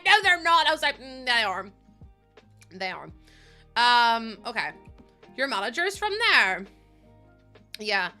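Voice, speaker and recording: A woman's voice: medium pitch, bright, forceful tone. A young woman, chatting casually on a live stream, laughing often and answering chat from a room at home.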